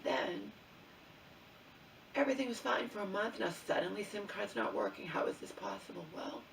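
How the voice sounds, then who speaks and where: At normal speed and medium pitch, a middle-aged woman vlogger with vocal fry vents about something that happened to her, cursing heavily and asking "okay?" and "you know?" again and again. The room echoes, the mic is far away, and there's slight background noise.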